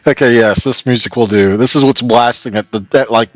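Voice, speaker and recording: A man's voice: on the low side, fairly even intonation, moderate pace, dry recording. A man running a tabletop game as game master, narrating playfully and laughing often.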